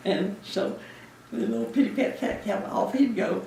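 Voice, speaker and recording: Her voice is gravelly, medium in pitch, and paced normally: a woman in her eighties, formerly a Navy nurse, chatting through her memories in an interview and laughing often in a warm, storytelling way. The mic sits at a distance in an echoey room, with a little hiss or hum.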